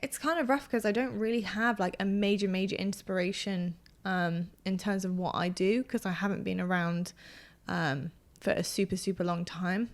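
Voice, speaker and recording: Chatty young woman caster. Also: medium pitch. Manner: chatty, animated, quick to laugh. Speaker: esports caster and podcast co-host. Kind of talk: casual podcast chat.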